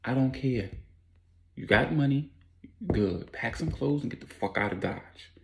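A man's voice: medium pitch, lively intonation, unhurried, gravelly. Blunt commanding street boss, firm orders, guy voicing him. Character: commanding male drug boss protecting his family.

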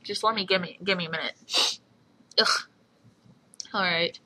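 A young woman rambling in a casual voice memo, apologizing often and speaking in a husky voice. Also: lowish voice, unhurried, bright, forceful tone. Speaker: fan recording a voice memo.

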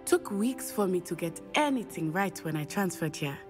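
An actress playing a friendly young female transfer student, gently encouraging. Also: on the low side, animated, normal speed, over music, natural voice.

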